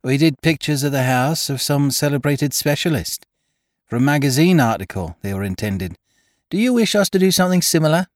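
A man's voice: fairly high pitch, animated, a little fast, dry recording, studio quality, voice pushed up, close to an everyday voice. A man voicing a hesitant, polite young shop girl in an audiobook reading. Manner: doubtful, hesitant. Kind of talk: audiobook character voice.

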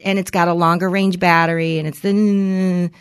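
A woman co-hosting a podcast, telling a story in casual chat, acting out the quoted exchanges with lively shifts and swearing freely. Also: lowish voice, normal speed, clear, resonant tone. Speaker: podcast co-host.

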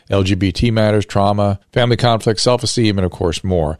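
A man hosting a podcast, reading sponsor ads briskly and then questioning a guest. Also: on the low side, darkish tone, dry recording, clean studio sound. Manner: brisk promotional delivery. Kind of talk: ad read and interview.

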